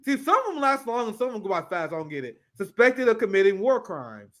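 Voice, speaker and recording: A man's voice: sits high, fast. A man hosting casual political commentary, swearing often, laughing, and reading clips aloud as he reacts. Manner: profane, animated, laughs often.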